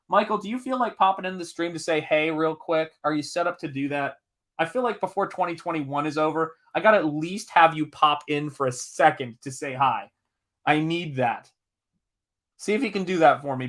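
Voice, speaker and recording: With a fairly high-pitched voice, this Tennessee man hosts a live stream and chats casually. A comic artist from the Southern US, he tells an animated, emphatic story, reads chat comments aloud, and swears occasionally when worked up.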